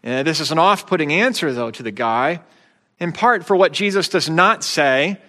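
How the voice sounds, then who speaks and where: Man, pastor, relaxed conversational sermon, wry asides, slightly high voice, long hall reverb. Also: moderate pace.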